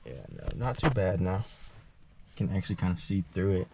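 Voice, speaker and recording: A man's voice: deep voice, big pitch swings, brisk, creaky. A man casually vlogging while he drives to work, rambling with many fillers, recorded inside a moving car. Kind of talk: casual vlog while driving. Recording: muffled with loud road noise.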